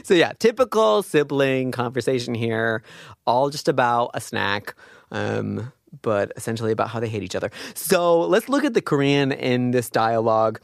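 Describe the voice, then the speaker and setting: A man's voice: mid-range voice, expressive, normal speed, gravelly, no room sound. Chatty male language teacher, dry sound. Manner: chatty, many fillers and asides. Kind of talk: casual explanatory lesson.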